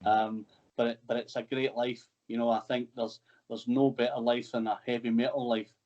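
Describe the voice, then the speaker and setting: A man's voice: mid-range voice, level tone, moderate pace, darkish tone, muffled recording. A man hosting a casual interview, chatty and teasing, who swears freely. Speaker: podcast host.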